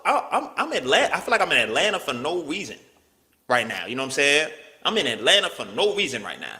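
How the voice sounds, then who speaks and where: A man speaking briskly in a large hall spins an animated, slangy story. He performs each quote with big swings in his voice.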